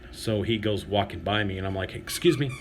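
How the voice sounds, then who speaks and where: A man's voice: low-pitched, a little hiss or hum. A man telling a profane, sarcastic story to camera, swearing constantly and acting out other people's lines in a raised voice. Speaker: vlogger. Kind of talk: profane comic storytelling rant.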